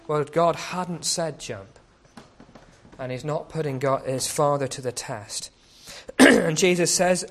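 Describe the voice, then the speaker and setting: A man's voice: a little high, takes it slowly, a bit bright, a little hiss or hum. A man preaching a sermon as a pastor, speaking conversationally and often asking rhetorical questions.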